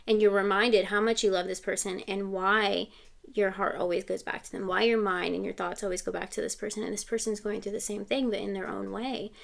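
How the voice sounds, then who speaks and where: A woman's voice: medium pitch, flat delivery, fairly quick, gravelly, fairly bright tone. A woman giving a casual tarot reading to camera, chatty and reassuring, often checking in with "okay?". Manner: quotes song lyrics and sings snatches. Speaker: tarot reader.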